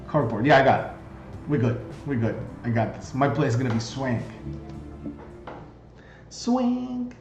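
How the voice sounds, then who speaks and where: A man's voice: mid-range voice, fairly quick. A man streaming a game in a casual, jokey way, reading the on-screen dialogue aloud. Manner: chatty, jokey, reads game text aloud. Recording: roomy, dull sound with game music. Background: faint game music.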